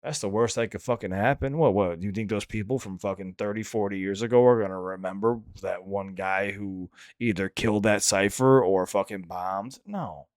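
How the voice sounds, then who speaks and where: A man's voice: lowish voice, moderate pace, few pauses, darkish tone, dry recording, studio quality. A man hosting a reaction channel who also raps. He gives casual, candid commentary that rambles, restarts often and swears freely. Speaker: reaction channel host and rapper.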